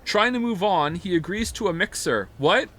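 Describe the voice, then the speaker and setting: A male game streamer chatting to his viewers between play. His voice sits high and jumps around animatedly. He rambles, swears freely and reacts with incredulous disbelief. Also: lively intonation, moderate pace, bright, forceful tone. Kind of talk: live game stream chat.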